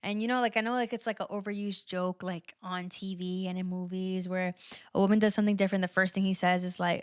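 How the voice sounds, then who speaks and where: A woman's voice: medium pitch, steady tone, quick pace, clean tone, no echo, clean studio sound. A young woman hosting her own podcast, giving candid relationship advice in a chatty, casual way full of "like" fillers. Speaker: podcast host. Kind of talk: casual solo podcast chat.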